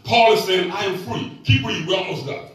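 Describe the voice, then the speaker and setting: A man in his sixties preaches in an animated, folksy way, telling jokes and stories. His voice sits high, and it reaches the mic from far off through a very echoey church hall with faint music behind. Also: brisk. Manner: animated, folksy, joking storyteller. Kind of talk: sermon with call-and-response. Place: church sanctuary.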